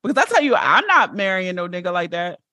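A woman's voice: on the low side, big pitch swings, quick pace, sharp tone, dry recording. A woman hosting a podcast in casual chat, blunt and laughing often. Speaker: podcast host.

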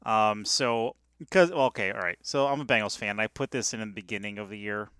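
A man co-hosting a casual sports betting podcast, talking hesitantly with many fillers and soft laughs. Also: fairly low pitch, fairly quick, clear, resonant tone, no echo. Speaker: podcast co-host.

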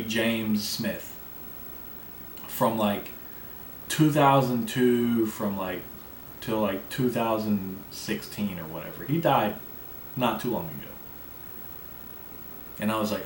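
A man's voice: on the low side, unhurried, pauses often. A man hosting his own podcast alone, talking in a rambling, profane, brash way. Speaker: podcast host. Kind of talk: casual solo podcast monologue. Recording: echoey room, mic at a distance, faint background noise.

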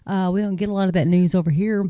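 Folksy Texan woman with a dark voice. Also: medium pitch, fairly even intonation, fast, clean tone, no room sound, clean studio sound. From Texas, United States. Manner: chatty, rambling, folksy, laughs at herself. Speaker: Christian video host. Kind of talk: casual talk reading news aloud.

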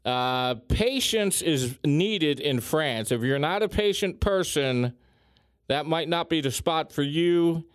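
A man hosting a casual chat, talking in a chatty way with lively emphasis and frequent filler ums. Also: on the high side, takes it slowly, clean tone, dry recording, clean studio sound.

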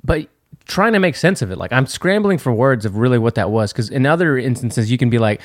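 With a medium-pitched, animated voice and a slightly quick pace, this podcast co-host rambles in an easygoing way and laughs frequently. The recording is dry and studio-clean.

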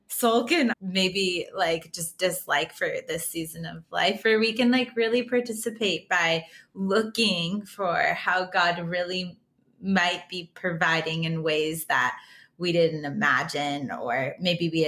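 A woman with a somewhat low voice co-hosts a faith podcast. She speaks reflectively and affirms what is said, with an earnest, conversational delivery. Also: a bit bright. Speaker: podcast co-host. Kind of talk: casual faith chat.

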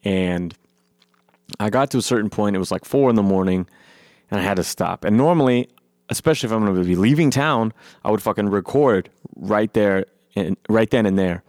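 A man's voice: fairly low pitch, moderate pace, no room sound, studio quality. A man, a punk band musician, talking in a casual, profane monologue and mocking people in quoted voices. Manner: profane, animated, mocks others in quoted voices.

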